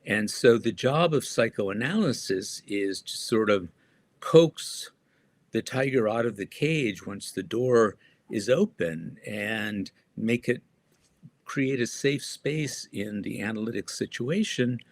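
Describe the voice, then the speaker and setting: A man answering interview questions as an author and guest, speaking thoughtfully with frequent pauses and restarts. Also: on the low side, animated, no echo.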